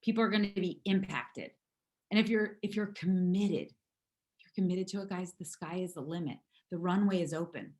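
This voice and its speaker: A hoarse woman leading a motivational team call, emphatic and repetitive as she urges her team on. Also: fairly low pitch, normal speed, darkish tone. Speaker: network marketing team leader.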